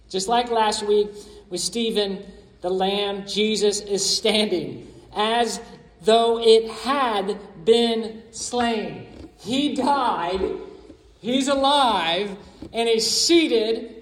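A male pastor preaching from scripture, breaking in with short asides, then leading a prayer. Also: extremely high pitch. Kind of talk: sermon and closing prayer. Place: church sanctuary. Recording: echoey hall, speaker far from mic.

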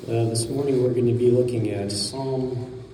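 Male pastor, conversational sermon, dark mellow tone, distant mic in a roomy church. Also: mid-range voice, measured pace, slight background noise. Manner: conversational storytelling, relaxed with fillers. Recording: distant mic in a reverberant hall.

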